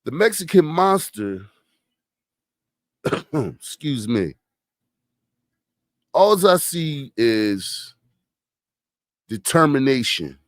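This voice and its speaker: A man's voice: mid-range voice, very animated, extremely slow, pauses often, dry recording, studio quality. A man hosting a podcast, giving casual boxing commentary with emphatic rhetorical questions and repeated phrases. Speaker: podcast host.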